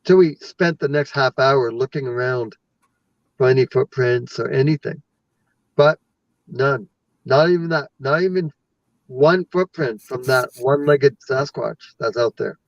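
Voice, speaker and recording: A man from western Canada tells a lively story as a guest, acting out his own reactions along the way. His voice sounds distant from the mic and a bit muffled. The recording is dry. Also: medium pitch, a little slow, dry recording. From British Columbia, Canada. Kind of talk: casual storytelling.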